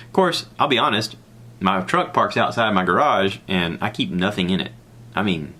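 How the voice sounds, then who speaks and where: A man from the American South with a Southern accent, hosting a podcast and telling a rambling, animated story alone. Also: moderate pace, long pauses. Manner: rambling, animated, acts out others' lines in a high voice. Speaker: podcast host. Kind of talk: casual solo storytelling.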